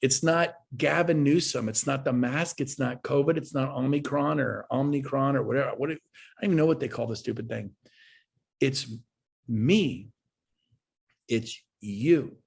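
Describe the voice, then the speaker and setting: Middle-aged male speaker with a rough, husky tone, delivering a punchy, repetitive pep talk over a video call. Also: medium pitch, fairly quick. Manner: energetic, folksy, emphatic, with repeated phrases. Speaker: guest speaker at a real estate webinar. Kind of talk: motivational talk.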